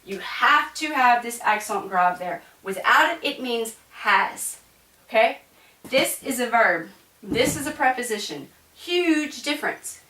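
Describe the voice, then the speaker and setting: A woman's voice: a little high, expressive, unhurried, bright, forceful tone, distant mic, a little hiss or hum. A woman teaching a French grammar lesson in a chatty classroom manner. She often stops to check in with her students. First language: English. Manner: chatty, explaining with frequent "right?" check-ins. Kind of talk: classroom lecture. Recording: echoey room, voice away from the mic.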